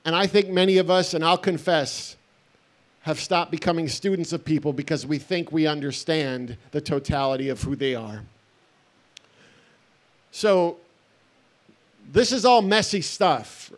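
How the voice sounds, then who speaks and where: A man's voice: fairly high pitch, a little slow, long pauses. A middle-aged man, a pastor, giving an earnest, conversational festival talk with wry asides.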